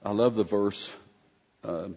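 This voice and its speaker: In a folksy, rambling, conversational sermon, a man preaches slowly in a fairly low, warm voice, frequently restarting his sentences. The sound is dull, with long hall reverb.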